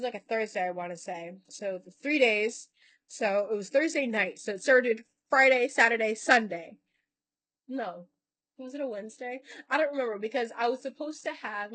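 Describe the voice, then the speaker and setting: A woman's voice: mid-range voice, a bit bright, dry recording. A woman vlogger telling a long personal story in casual talk, rambling, correcting herself and swearing now and then. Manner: acts out other people's lines in quoted voices.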